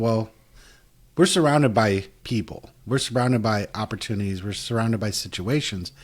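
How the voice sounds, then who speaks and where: Husky blunt man on a podcast. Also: medium pitch. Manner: blunt, animated, salty language. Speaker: podcast co-host. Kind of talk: casual spiritual recovery talk.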